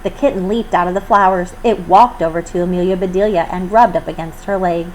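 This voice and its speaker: A woman reading a children's storybook aloud as host of her channel, in gentle, measured narration. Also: lowish voice, steady tone, a little hiss or hum, poor audio. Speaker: storybook reader.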